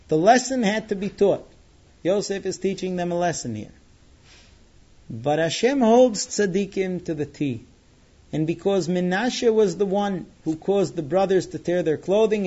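Lively high-voiced man teaching a Bible story. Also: highs cut off. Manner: animated storyteller, acts out characters' lines. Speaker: Torah teacher. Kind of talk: retelling a Bible story to students.

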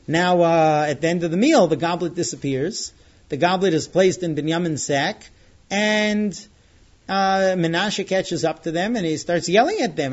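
A man teaching students, retelling a Bible story in an animated way and acting out the characters' lines. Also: on the high side, moderate pace, lo-fi sound. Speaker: Torah teacher.

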